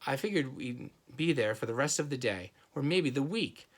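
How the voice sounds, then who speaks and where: Male reader, steady storytelling, medium pitch, children's chapter book. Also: moderate pace.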